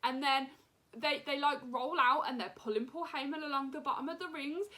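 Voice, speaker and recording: A young woman giving an excited, casual recap as a show reviewer, with lots of fillers and acted-out quotes. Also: high-pitched, fairly quick. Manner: animated, many fillers, acts out wrestlers' lines.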